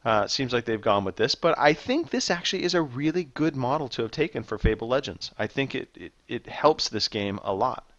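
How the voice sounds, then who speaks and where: Lively man hosting a gaming quiz. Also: mid-range voice, brisk, hardly any pauses, dry recording, muffled recording. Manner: animated, teasing quiz-show delivery. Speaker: podcast co-host running a quiz. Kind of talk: casual gaming chat.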